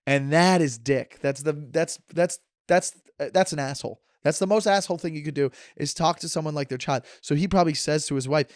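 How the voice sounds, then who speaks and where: A man's voice: a little high, a little fast, hardly any pauses, no echo, studio quality. A man in his thirties hosting a podcast, sarcastic and joking as he wanders from tangent to tangent in casual chat. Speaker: podcast host. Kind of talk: casual rambling monologue.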